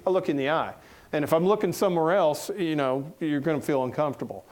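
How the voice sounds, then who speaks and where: A middle-aged man with a Southern American accent gives a casual talk in a lecture room. His voice sits a little high, and he is folksy and quick to joke as he moves through his stories. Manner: folksy, joking, animated anecdotes. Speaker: editorial cartoonist giving a talk. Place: lecture room before an audience.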